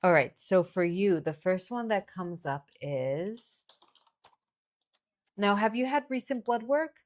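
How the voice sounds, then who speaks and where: A woman's voice: mid-range voice, lively intonation, takes it slowly. A woman hosting a live wellness stream, chatting with callers in a friendly, reassuring way. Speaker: livestream host. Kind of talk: casual live stream chat.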